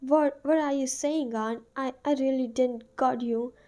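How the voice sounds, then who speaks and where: A woman voicing a meek, tearful young orphaned girl who pleads softly. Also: sits high, steady tone, measured pace. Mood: frightened.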